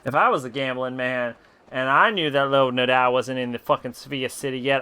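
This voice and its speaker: A man's voice: medium pitch, a little fast, pushed and bright, clear, resonant tone. A tipsy man streaming a game, reading the dialogue aloud in a put-on southern country drawl and swearing freely. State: tipsy from drinking. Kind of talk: casual live gameplay commentary, reading game dialogue aloud.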